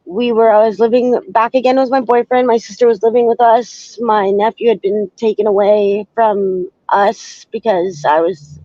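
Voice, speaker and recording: A woman in her thirties, a guest in an interview, recounting her past in a halting, searching way. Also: mid-range voice, darkish tone, no echo. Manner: hesitant, halting, searching for words. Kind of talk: personal storytelling in an interview. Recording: slightly dull, dry sound.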